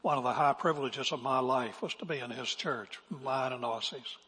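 A man's voice: medium pitch, moderate pace, pushed and bright, breathy edge. A male pastor giving an earnest, emphatic sermon, now and then acting out quotes. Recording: long reverb of a large hall.

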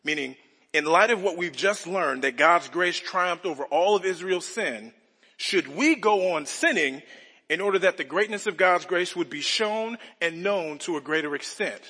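In a large church sanctuary with long reverb, a male pastor gives an earnest expository sermon packed with rhetorical questions. His voice is bright, slightly husky and fairly high-pitched, with lively intonation at a moderate pace.

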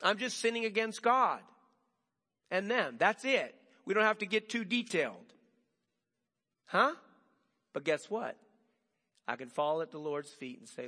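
Animated preaching man in a reverberant hall. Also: high-pitched, a little slow, pauses often. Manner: animated preaching with rhetorical questions. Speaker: pastor. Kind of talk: sermon.

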